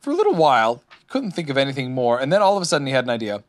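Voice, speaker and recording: Lively, expressive man reading a storybook. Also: mid-range voice, very fast. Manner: lively, expressive, voices many characters. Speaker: narrator.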